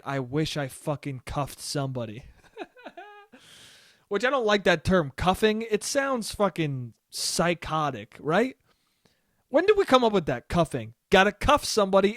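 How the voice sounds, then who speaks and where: A man's voice: high-pitched, no echo, studio quality. A young man hosting a solo podcast, rambling in a casual, profane way and laughing often. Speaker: podcast host.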